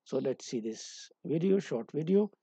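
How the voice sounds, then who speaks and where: A man giving a recorded lecture, explaining slowly with many hesitations and restarts. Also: on the high side, animated, warm tone, husky, no echo.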